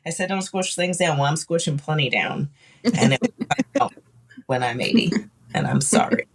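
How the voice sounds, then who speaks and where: A podcast guest with a soothing, calm voice, talking thoughtfully with many fillers in casual chat. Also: mid-range voice, normal speed, a little hiss or hum.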